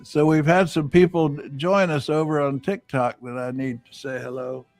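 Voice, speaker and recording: A man hosting a casual live-stream chat, talking in a halting, rambling way with many fillers. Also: on the high side, little pitch movement, a little mellow, no echo. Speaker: host.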